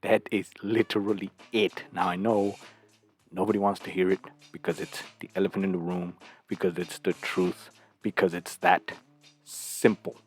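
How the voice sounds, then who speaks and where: A man's voice: sits low, level tone, normal speed, breathy edge, faint music behind. A man hosting his channel and giving blunt, crude reaction commentary on clips, often tossing in a rhetorical "right?".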